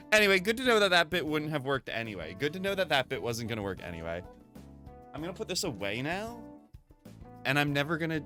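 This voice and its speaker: A man chatting casually on a live stream from his home desk, rambling, swearing and poking fun at himself, into a desk mic. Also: medium pitch. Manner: animated, rambling, swears, self-deprecating. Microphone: desk microphone through a mixer.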